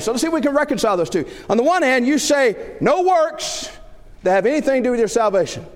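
A middle-aged male preacher with a high, lively voice that leaps up and down as he drives his points home. He talks through rhetorical questions and acts out little scenes. His voice rings through a church hall with a long reverb tail. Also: quick pace. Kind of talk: sermon.

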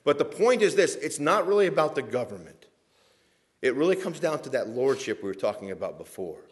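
A middle-aged man preaching a sermon as pastor, earnest and a little weepy, swinging from loud emphatic lines to soft, quiet ones. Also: medium pitch, big pitch swings, brisk.

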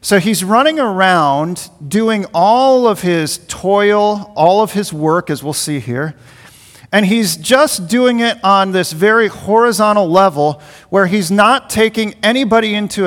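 A man's voice: sits high, unhurried, a bit bright, long reverb tail. A man pastor preaching a sermon in a conversational, storytelling way.

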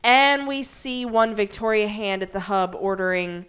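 A woman's voice: medium pitch, moderate pace, fairly bright tone, clean tone. A woman co-hosting a podcast, casually recapping a TV episode, acting out characters' lines and swearing freely. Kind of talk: casual chat.

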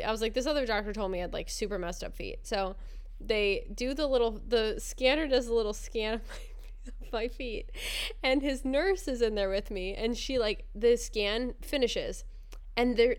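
A woman's voice: mid-range voice, moderate pace. A young adult woman telling a funny story in casual podcast chat, laughing often and acting out the people she quotes. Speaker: podcast co-host.

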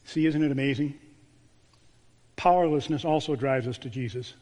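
A man, a pastor, delivering a sermon with a storytelling manner, dropping to a hushed voice on key words. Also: mid-range voice, normal speed. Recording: long church reverb.

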